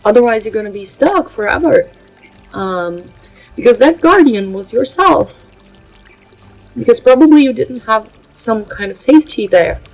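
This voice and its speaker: Speaking on the high side and with animation, a Brazilian spiritual channel host whose first language is Portuguese chats casually in her vlog. She comes across as earnest, halting often with filler pauses. Faint music sits behind a low-quality recording.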